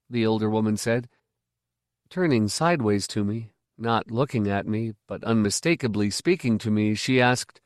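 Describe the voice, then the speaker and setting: Measured male audiobook narrator, dry sound. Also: on the low side, no echo. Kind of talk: first-person novel narration.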